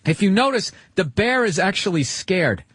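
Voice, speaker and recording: A man's voice: high-pitched, very animated, normal speed, a bit bright, slightly rough, no room sound. A man on a studio microphone, ranting emphatically in casual radio chat, swearing often. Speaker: guest comedian.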